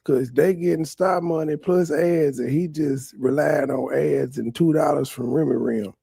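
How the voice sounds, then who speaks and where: A man's voice: fairly high pitch, a little slow, creaky, mellow, husky, no room sound. A man commenting sarcastically over someone else's stream, mocking the story. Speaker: livestream commentator.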